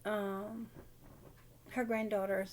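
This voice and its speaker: An older widowed grandmother telling a personal story in a halting, rambling way in a casual vlog. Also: medium pitch, flat delivery, slight background noise.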